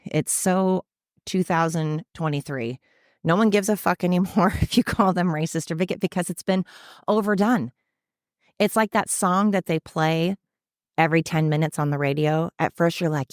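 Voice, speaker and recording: A woman's voice: fairly low pitch, normal speed, dry recording, studio quality. A woman hosting a solo podcast, ranting with opinionated, sarcastic asides and free swearing. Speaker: podcast host. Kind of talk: casual solo podcast monologue.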